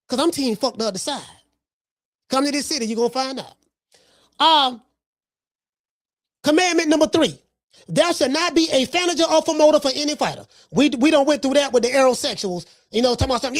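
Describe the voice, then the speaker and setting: High-pitched woman ranting about boxing, loud and cussing a lot, dry mic. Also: a little fast, long pauses, no echo. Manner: brash, profane, repetitive. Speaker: podcast host.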